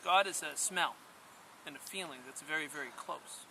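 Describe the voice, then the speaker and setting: A man's voice: a little high, normal speed, gravelly, bright, forceful tone, a little hiss or hum, exaggerated voice, low-quality recording. A man reading a tiny earnest ant.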